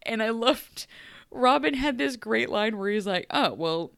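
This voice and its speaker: A woman co-hosting a podcast, recapping an episode in casual chat, animated and laughing often as she acts out characters. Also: fairly high pitch, measured pace, creaky, smooth, dry recording, studio quality. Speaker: podcast co-host.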